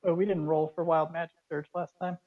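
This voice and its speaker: A man's voice: on the high side, little pitch movement, fairly quick, no echo, phone-quality sound. Matter-of-fact man at a game table. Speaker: player. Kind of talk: casual tabletop game chat.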